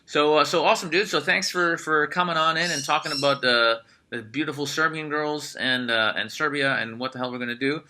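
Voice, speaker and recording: Male podcast host, casual and profane, very bright, edgy voice. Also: fairly high pitch, a little fast, few pauses. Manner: energetic, swears freely, lots of fillers.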